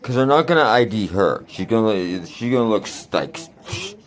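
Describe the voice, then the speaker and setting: A man's voice: fairly low pitch, big pitch swings, normal speed. Rambling, crude-talking man in his forties. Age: 40s. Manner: rambling, crude, laughs often. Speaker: vlogger. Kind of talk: casual storytelling monologue.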